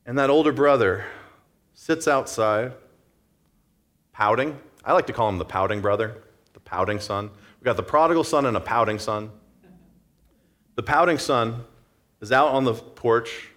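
Male pastor, sermon, casual delivery, lively pitch swings, acts out scenes.

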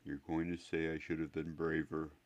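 A man's voice: low-pitched, fairly even intonation, moderate pace, a little mellow, highs cut off. A man voicing a small, thin-voiced timid boy. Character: timid young boy, frightened and hurt.

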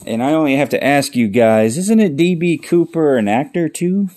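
A man's voice: on the high side, expressive, normal speed, a little mellow, no room sound. A man hosting a casual solo podcast, rambling and folksy, telling sports gossip and jokes. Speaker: podcast host.

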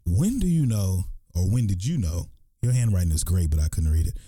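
Fast, animated man telling stories. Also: low-pitched, breathy edge, dry recording, studio quality. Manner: animated, profane storytelling with voiced impressions. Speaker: podcast co-host. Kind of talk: casual storytelling chat.

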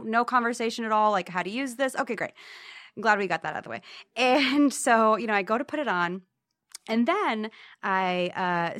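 A woman's voice: mid-range voice, fairly bright tone, no room sound, studio quality. A young adult woman telling a personal story in a chatty, wry way, acting out the voices of others.

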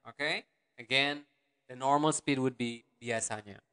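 A man teaching an online language lesson, patiently repeating words slowly and syllable by syllable. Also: mid-range voice, bright, forceful tone, smooth.

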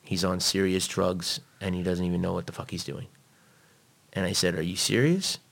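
A man being interviewed, telling a personal story in a blunt, profane, animated way. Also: low-pitched, moderate pace, gravelly.

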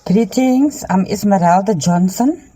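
Middle-aged woman, phone selfie in a car, earnest halting testimony, dark husky tone. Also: mid-range voice, lively intonation. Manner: halting, many ums, preachy urging. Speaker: Christian dream sharer. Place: inside a car. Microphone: handheld phone.

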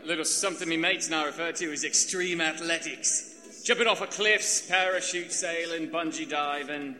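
A man's voice: on the high side, fairly even intonation, moderate pace, bright, forceful tone, big-room sound. A man voicing a brash young New Zealand thrill-seeker with a laid-back, matey manner and a New Zealand accent. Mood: easygoing.

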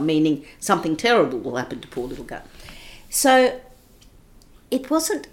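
Woman telling a harrowing memory, slightly low. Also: sing-song, moderate pace, long pauses. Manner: vivid, emotional retelling with shifts between hushed and raised intensity. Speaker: guest recounting her childhood. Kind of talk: personal storytelling.

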